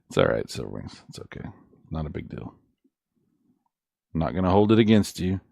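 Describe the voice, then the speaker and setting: A man's voice: very deep voice, very animated, a little slow, gravelly, pauses often, a little mellow, no room sound, studio quality. A middle-aged man streaming a game in casual chat, laid-back and chuckling at himself. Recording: faint game music behind.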